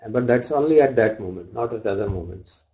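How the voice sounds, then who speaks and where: A man's voice: fairly low pitch, expressive, fairly quick, mellow, rough recording. A man teaching a study class, reading out texts and glossing Pali terms as he explains them. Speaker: dharma teacher.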